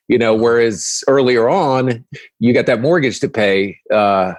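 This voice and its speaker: A man's voice: mid-range voice, normal speed, no room sound. A man who is a comedian guest on a podcast, talking in a reflective, rambling way, full of "you know"s. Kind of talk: casual chat.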